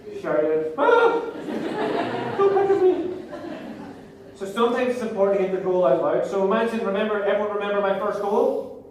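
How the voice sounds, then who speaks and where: His voice is high, a little mellow and quick-paced: a Northern Irish man in his thirties working as a motivational speaker, joking and playing with the audience while directing them during a live seminar. The recording is distant, with echo from the large hall and background noise.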